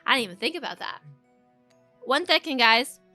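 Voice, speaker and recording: A young adult woman chats casually on a live stream, her voice high and bright. She rambles easily from one thought to the next and answers viewers in a relaxed, chatty way. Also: moderate pace, dry recording, faint music behind. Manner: chatty, rambling, reacts to chat with squeals and laughs.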